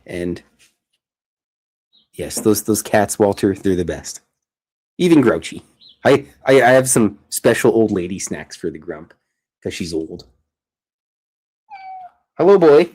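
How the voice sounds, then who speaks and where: In a lowish, slightly rough and mellow voice, a male streamer chats while drawing in his home art studio. He is expressive and unhurried, pausing often, rambling, and cutting himself off mid-sentence.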